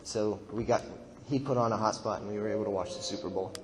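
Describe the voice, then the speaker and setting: A man's voice: on the low side, quick pace, big-room sound, a little hiss or hum. A young man casually recounting a mission trip while narrating a slideshow, rambling with fillers and laughs. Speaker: mission trip member giving testimony.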